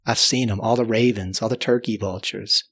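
A man telling a story in a chatty, animated way, chuckling now and then. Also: fairly low pitch, normal speed, husky. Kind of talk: spoken storytelling.

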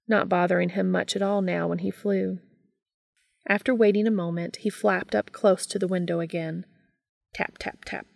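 Gravelly-voiced woman reading a story. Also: mid-range voice, dry recording. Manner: calm, steady storytelling. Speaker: fan fiction reader. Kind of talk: scripted narration.

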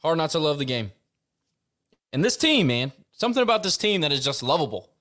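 Enthusiastic higher-voiced male sports host. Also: big pitch swings, brisk, fairly bright tone. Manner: enthusiastic, rambling. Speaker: podcast host. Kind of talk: casual sports talk.

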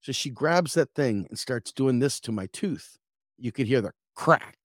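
A middle-aged American podcast host tells a story as a casual, animated rant, acting out the quotes and swearing as he goes. His voice sits at a medium pitch and moves at an unhurried pace. The recording is studio quality with no room sound.

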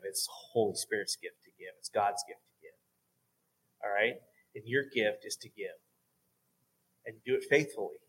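A man's voice: fairly low pitch, low-quality recording. A male pastor speaking to his congregation during a service. His talk is casual and earnest, loose and chatty, and he keeps checking in with the room. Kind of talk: church offering talk. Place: church service.

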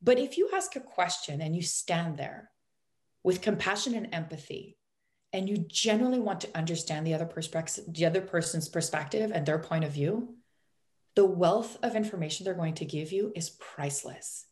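A woman's voice: on the low side, lively intonation, moderate pace, a little mellow. A woman guest on a podcast interview, a business coach talking earnestly and repeating her key points for emphasis.

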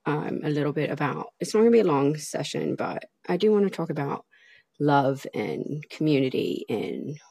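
A woman's voice: low voice, very animated, moderate pace, gravelly, dark tone, dry recording. A woman hosting her own podcast, talking in a rambling, heartfelt way with plenty of ums and restarts. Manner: rambling, heartfelt, lots of fillers. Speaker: podcast host. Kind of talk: casual podcast monologue.

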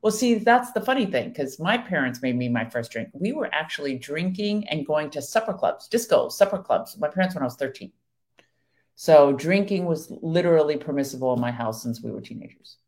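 A woman's voice: deep voice, animated, fairly quick, darkish tone. A woman co-hosting a Christian devotional chat with her husband, sharing testimony earnestly and laughing often. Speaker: co-host of a Christian devotional show.

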